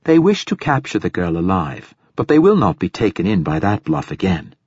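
A centuries-old android, voiced by a male narrator, calm and courteous, formal in speech and unbothered by danger. the voice is low and husky, set close in a dry, dead sound. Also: normal speed, no echo, heavily acted.

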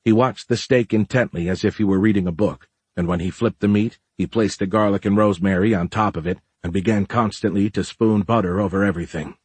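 Low husky male audiobook narrator. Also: steady tone, a little fast, few pauses, darkish tone, dry recording.

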